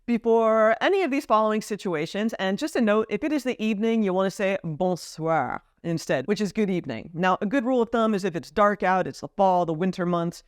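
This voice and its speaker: A woman's voice: mid-range voice, animated, a little fast, few pauses, no echo. Woman, casual explainer, chatty, dry recording. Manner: chatty, acts out short example lines. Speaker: vlogger explaining French etiquette.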